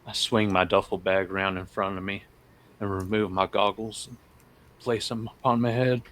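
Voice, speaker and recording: A man's voice: on the low side, level tone, normal speed, fairly bright tone. A man playing a tabletop game, speaking in character in a terse, matter-of-fact way. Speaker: player.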